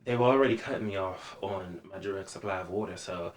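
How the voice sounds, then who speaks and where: A man telling his story as a podcast guest, animated and acting out other people's voices. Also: low-pitched, quick pace. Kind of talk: casual storytelling.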